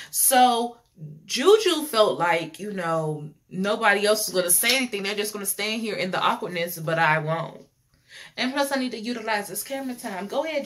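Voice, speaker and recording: A woman's voice: mid-range voice, fairly bright tone. A young woman reviews a reality show in casual, opinionated chat, repeating phrases and laughing often.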